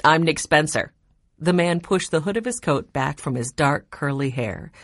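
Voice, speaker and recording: Low-voiced woman reading a children's story. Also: expressive, normal speed, no room sound, studio quality. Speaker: narrator. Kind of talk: audiobook narration.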